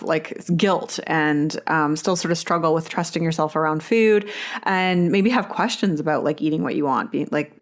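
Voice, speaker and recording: A woman hosting a podcast and chatting casually, with lots of filler words. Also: low-pitched. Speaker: podcast host.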